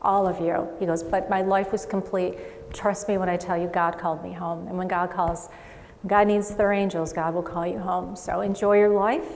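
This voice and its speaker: A woman psychic medium hosting a show, giving chatty readings to a live studio audience with quick asides and frequent laughs. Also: fairly low pitch, flat delivery, creaky, a little mellow, big-room sound, a little hiss or hum.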